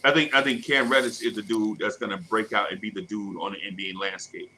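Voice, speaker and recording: Excited guy hosting fan podcast, bright voice, lots of repeats and slang, light noise behind. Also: on the low side, quick pace, rough recording. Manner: hyped, repetitive, slangy. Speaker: podcast co-host. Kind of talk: casual sports fan chat.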